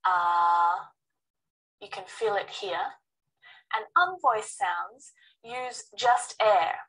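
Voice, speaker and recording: A woman's voice: mid-range voice, fairly bright tone, distant mic, rough recording. A woman teaching an English pronunciation lesson, carefully sounding out each consonant. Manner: slow, careful sounding out of letters.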